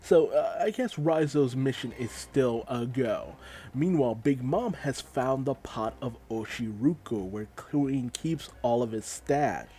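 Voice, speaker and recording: Animated man recapping a manga chapter. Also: mid-range voice, a little slow, husky. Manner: animated, laughing, loose and profane. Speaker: manga reviewer. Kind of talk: casual commentary recap.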